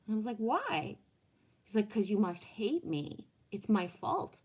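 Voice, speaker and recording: A woman's voice: medium pitch, lively intonation, moderate pace, mellow. A woman, a former restaurant owner and chef, telling a personal story in casual talk, swearing freely and acting out the people she quotes. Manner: blunt, swears freely, acts out quoted dialogue.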